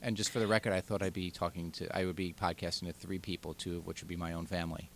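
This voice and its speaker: Long Island guy co-hosting a podcast, low voice, loose chatty delivery, faint hum behind. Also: little pitch movement, fast, vocal fry, fairly bright tone. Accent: Long Island, New York. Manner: chatty storytelling with fillers, laughs easily. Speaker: podcast co-host. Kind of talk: casual podcast chat.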